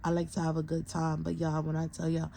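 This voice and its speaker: Exhausted young woman vlogger, flat low gravelly voice, venting straight to camera. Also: brisk, slight background noise, rough recording. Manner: venting, tired, talks straight to viewers. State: exhausted, close to tears. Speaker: vlogger, parent of a sick child. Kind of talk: emotional vlog update.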